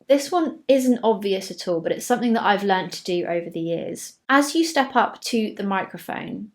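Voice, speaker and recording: An English woman presenting public speaking tips to camera in a clear, measured, scripted delivery that slows down for each key tip. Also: mid-range voice.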